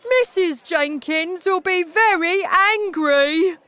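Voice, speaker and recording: A woman voicing an angry, blustering father who shouts his lines. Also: extremely high pitch, takes it slowly, no echo, voice pushed up, full character voice. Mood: angry shouting.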